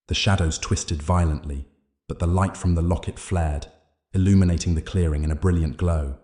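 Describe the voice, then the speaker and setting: A man reading a horror story aloud as scripted narration, measured and dramatic. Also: deep voice, fairly even intonation, mellow. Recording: roomy echo.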